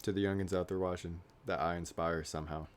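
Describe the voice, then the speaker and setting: Low-voiced young man rambling, self-mocking. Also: steady tone, quick pace, clear, resonant tone. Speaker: YouTuber. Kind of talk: casual vlog monologue.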